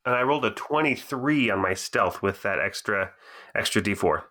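A man's voice: fairly low pitch, expressive, moderate pace, bright, forceful tone. A man playing a tabletop game, chatting casually and asking eager questions. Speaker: player.

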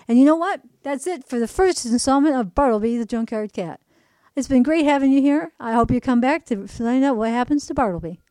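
A woman reading a children's story aloud, animated, pausing to talk to young listeners. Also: sits high, no room sound, poor audio.

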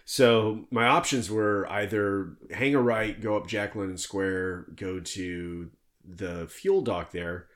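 A man's voice: lowish voice, slow. A man hosting a casual interview, telling sailing stories in a rambling way, often stopping himself and laughing. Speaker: podcast host and former tallship captain.

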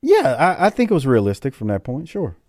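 Casting: middle-aged Southern US man, podcast host, lively and expressive, with a dry, close sound. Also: medium pitch, a little fast, dry recording. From Deep South, US. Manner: animated, laughing, repeats words. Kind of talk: casual wrestling review chat.

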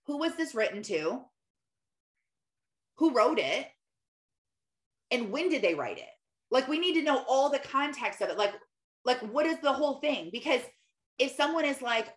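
A woman's voice: sits high, animated, a little slow, long pauses, echoey room. A woman in her thirties, a mother, giving a casual devotional talk, chatty, full of fillers and restarts, acting out her own prayers. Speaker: Christian mom content creator.

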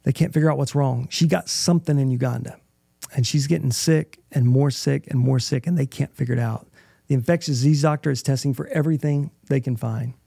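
Middle-aged male guest, raspy and gravelly, earnest halting testimony, dry close sound. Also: medium pitch, warm tone, no echo. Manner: earnest, halting storytelling with restarts. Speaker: interview guest. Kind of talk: emotional personal testimony.

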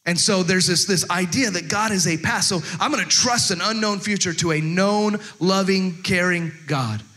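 A man's voice: high voice, normal speed, hardly any pauses, pushed and bright. A male pastor giving a chatty, humorous sermon, stumbling over restarts and acting out quotes.

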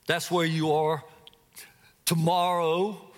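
A man with a high voice delivers a sermon slowly and deliberately as a guest preacher. He retells a scripture story dramatically and puts direct questions to the congregation. His voice rings with a long reverb from a large hall. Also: flat delivery.

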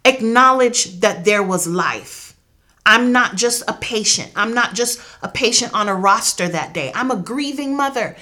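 Bright-voiced woman telling her loss. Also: a little high, animated, a little slow. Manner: earnest, intense, reenacts dialogue. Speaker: interview guest, grieving mother. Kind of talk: emotional personal testimony.

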